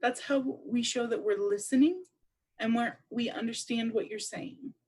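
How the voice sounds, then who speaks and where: A woman with a somewhat high voice gives spoken English to a deaf presenter's signing at a seminar. She talks in a steady, measured way, laying out each point clearly. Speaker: sign language interpreter voicing a deaf presenter.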